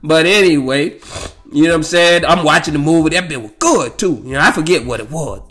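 Soft music plays behind this man's fairly quick, somewhat bright, higher-pitched voice. Hosting a podcast, he rambles through casual, profane stories, chuckling at his own jokes and repeatedly asking "you know what I'm saying."

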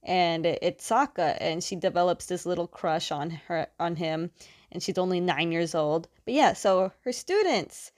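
A young adult woman with a fairly low voice and measured pace recaps a story's plot loosely and chattily, using plenty of fillers. She reviews comic books.

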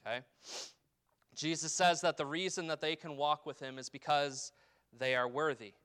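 Man, pastor, sermon, bright forceful voice, slightly high, emphatic rises and drops. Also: steady tone, clear, resonant tone. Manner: preaches with emphatic rises and drops, asks "okay?" often; reads scripture in a slow, falling cadence.

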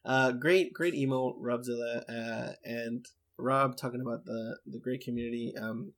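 A man's voice: mid-range voice, fairly even intonation, normal speed. An English man co-hosting a podcast, chatting enthusiastically and reading out listener emails. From England. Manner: enthusiastic, chatty, with many fillers. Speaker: podcast co-host.

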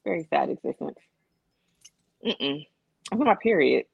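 A woman chats casually as a podcast co-host, spinning animated stories full of acted-out quotes. Her voice sits a little low. The sound is dry and a bit dull, close to the mic. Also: moderate pace, creaky, husky, no echo. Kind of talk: casual chat.

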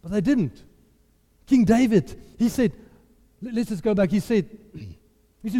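A man preaching a sermon, telling a lively personal story and acting out the voices in it. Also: sits high, measured pace, pauses often. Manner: animated storyteller, laughs often, acts out quotes. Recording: echoey hall reverb.

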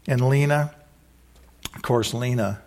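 Exuberant rambling pastor, whooping. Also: male voice, mid-range voice, takes it slowly, a little mellow. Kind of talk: sermon with closing prayer.

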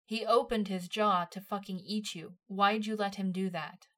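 Casting: woman playing a gruff soldier guy, loud, curt, cursing. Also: mid-range voice, fairly even intonation, moderate pace, close to an everyday voice. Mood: angry. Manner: curt, swearing, demanding. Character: blunt, harsh male soldier, gruff and commanding.

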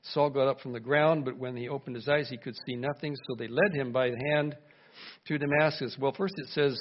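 A man preaching a sermon in a lively way, acting out the voices he quotes and asking his congregation questions. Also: mid-range voice, a little fast. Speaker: pastor. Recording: dull lo-fi recording.

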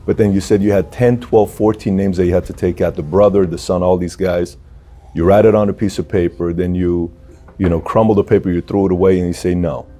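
A man's voice: deep voice, steady tone, a little fast, warm tone. A man interviewing a guest, recapping the story before asking probing questions.

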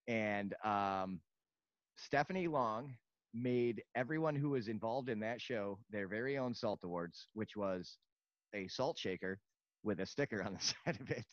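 A man's voice: on the low side, no echo. A man hosting a podcast in casual chat, blunt and joking, swearing now and then. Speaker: podcast host. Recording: dull dry lo-fi sound.

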